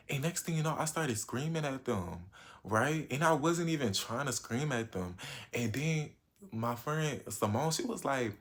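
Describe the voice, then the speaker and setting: A late-teen guy vlogs a casual storytime at normal speed, full of slang and energy. His pitch and volume spike without warning.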